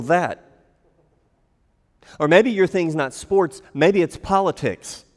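A man's voice: on the high side, takes it slowly, long pauses, darkish tone. A man preaching a sermon, acting out quoted lines in a raised voice. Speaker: pastor. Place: church sanctuary. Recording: long hall reverb.

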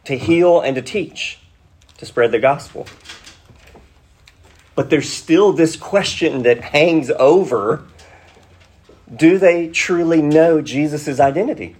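Slow, husky-voiced male preacher. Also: on the high side, darkish tone. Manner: teacherly, with rhetorical questions. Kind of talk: expository sermon.

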